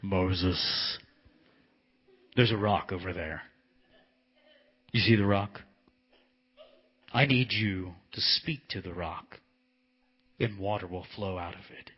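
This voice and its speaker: A preacher doing a deep booming God. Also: male voice, husky, heavily acted. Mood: solemn, commanding. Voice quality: deep and slow. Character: deep solemn voice of God, male, commanding. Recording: dull lo-fi church recording.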